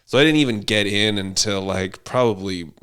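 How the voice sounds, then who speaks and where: A man's voice: fairly low pitch, moderate pace, smooth. A man telling stories in casual conversation as a podcast guest, laughing often and acting out quotes. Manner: lively storyteller, laughs often, acts out quotes. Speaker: stand-up comic and podcast guest.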